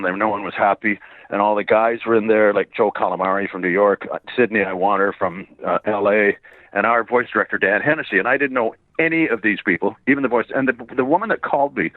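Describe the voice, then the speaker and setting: A slightly hoarse man, born in Ireland and raised in Canada, telling stories as an interview guest, laughing often and swearing casually. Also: lowish voice, no room sound. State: a bit hoarse. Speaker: voice actor and singer guest. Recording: dry tinny phone-like line.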